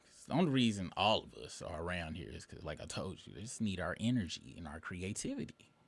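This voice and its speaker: A man's voice: low-pitched, expressive, a little fast, vocal fry, slightly rough. Profane rambling man in his thirties. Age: late 30s. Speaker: show host. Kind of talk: casual commentary monologue.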